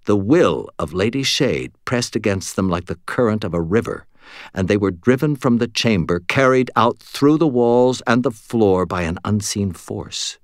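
A male audiobook narrator with a very low voice, reading first-person fiction in a wry, steady way. The recording is dry and close, with no room sound around it. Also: normal speed, dry recording.

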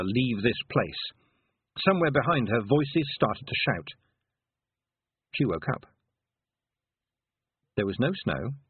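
A male narrator reads a story aloud in a husky, breathy, mid-range voice, bringing lively pitch movement and dramatic pauses placed just right. He sounds close-miked with no room sound, though the audio is squeezed narrow and phone-like.

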